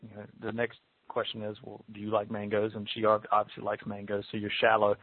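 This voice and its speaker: A man's voice: on the low side, monotone, fast talker, dry recording, phone-quality sound. A man hosting a podcast interview, thinking aloud hesitantly and repeating words. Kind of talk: interview conversation.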